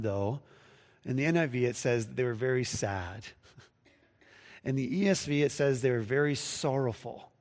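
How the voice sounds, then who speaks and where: A pastor giving a conversational sermon, with restarts and acted-out quotes. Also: male voice, mid-range voice, in a large hall. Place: church sanctuary, livestreamed.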